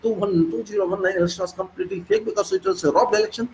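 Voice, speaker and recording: A man's voice: high voice, very fast, gravelly, slight background noise, poor audio. A man with an Indian accent delivering an impassioned, ranting political monologue with heavy repetition. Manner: excitable, ranting, repetitive emphasis. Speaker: political commentator.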